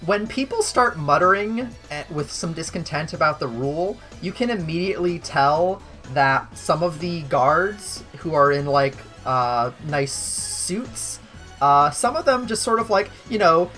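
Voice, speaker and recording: A game master narrating a tabletop game in a casual, rambling way, full of fillers. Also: female voice, sits low, fairly bright tone.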